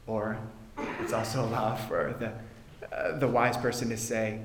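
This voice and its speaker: A man preaching in a church, his voice carrying through an echoing sanctuary with a faint hum of ambience behind him. His delivery is earnest and measured, and he drops low and quiet to press home his points. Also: little pitch movement. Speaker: pastor. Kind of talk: sermon. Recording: roomy church echo.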